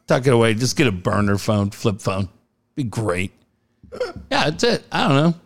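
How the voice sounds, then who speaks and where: A man's voice: mid-range voice, sing-song, normal speed, vocal fry. A male co-host in casual sports chat, telling profane, sarcastic stories.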